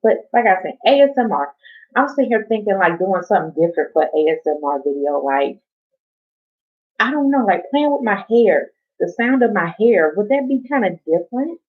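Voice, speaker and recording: A woman's voice: mid-range voice, lively intonation, normal speed. A woman hosting a casual live stream from home, rambling, chatting to viewers and swearing casually. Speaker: livestream host. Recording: dull lo-fi stream audio.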